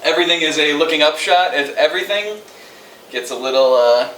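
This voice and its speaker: A man's voice: fairly high pitch, brisk, a bit bright, slight background noise. A man casually reviewing a movie with a co-host, rambling and sarcastic, with lots of fillers. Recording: echoey room, mic at a distance.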